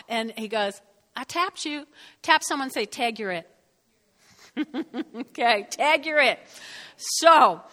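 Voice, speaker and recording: A woman pastor giving a lively, conversational sermon, calling on the congregation to answer back. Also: on the high side. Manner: lively, conversational preaching with call-and-response. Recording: long reverb of a large hall.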